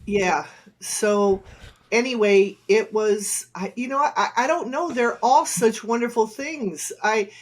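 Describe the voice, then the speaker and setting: A woman in her sixties, a guest talking casually with her sons, hesitant and rambling with many fillers. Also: fairly high pitch. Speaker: guest, mother of the hosts. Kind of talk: casual chat.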